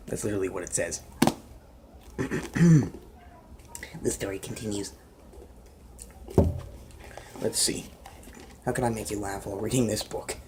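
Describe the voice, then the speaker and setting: A man's voice: lowish voice, measured pace, pauses often, noisy background. A man vlogging casually as he reads book passages aloud, giggling and joking between lines. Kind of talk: casual reading-aloud vlog.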